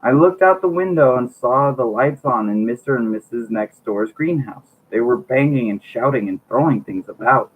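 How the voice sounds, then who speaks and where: A man's voice: medium pitch, lively intonation, normal speed, few pauses. A man reading a book aloud on his channel, stumbling over words and breaking off for wry joking asides. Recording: tinny lo-fi mic, faint hiss.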